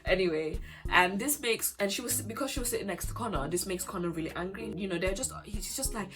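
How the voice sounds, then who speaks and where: A young woman giving a sassy, animated recap of a reality show in casual vlog commentary. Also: mid-range voice, fast talker. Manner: sassy, animated, addresses people directly. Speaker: vlogger.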